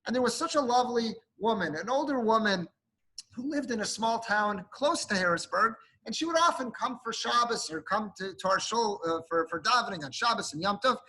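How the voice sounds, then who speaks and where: Rabbi guy giving a sermon, earnest and emphatic, sharp bright tone. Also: high-pitched, fairly quick, rough recording. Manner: earnest, emphatic, builds up to animated peaks; speaks to a congregation while showing a card.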